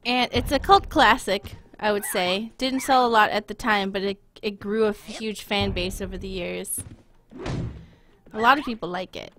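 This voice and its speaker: Woman let's-player, rambling and self-mocking, bright tone. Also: mid-range voice, moderate pace, slight background noise. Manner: casual, rambling, self-deprecating. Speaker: gaming streamer. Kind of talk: let's play commentary.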